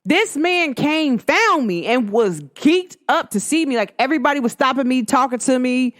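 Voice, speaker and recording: Chatty woman telling a rambling story. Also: moderate pace. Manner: chatty, rambling, lots of "like" fillers; animated, swoops high when quoting others. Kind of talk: casual storytelling monologue.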